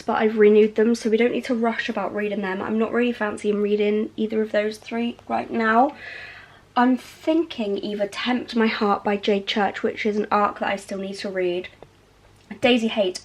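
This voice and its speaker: A young woman chatting casually about books in a reading vlog at home, gushing and full of fillers. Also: mid-range voice. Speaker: book vlogger.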